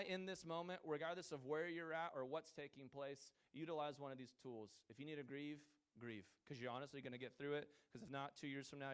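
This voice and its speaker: A man's voice: fairly high pitch, clean tone. A man preaching a sermon to his congregation in a church, earnest and building to emphatic declarations. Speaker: pastor. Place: church hall before a congregation.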